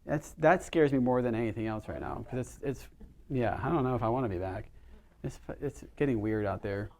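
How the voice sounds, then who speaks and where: A man's voice: mid-range voice, expressive, fairly quick, darkish tone. A middle-aged man, a chiropractor, giving a casual workshop talk to a small group, telling stories and asking the audience questions. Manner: chatty, storytelling, asks the audience questions.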